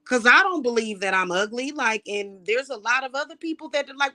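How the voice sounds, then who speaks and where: A woman, ranting to camera in a casual vlog, blunt and animated, with profane slang. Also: on the high side, brisk. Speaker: vlogger.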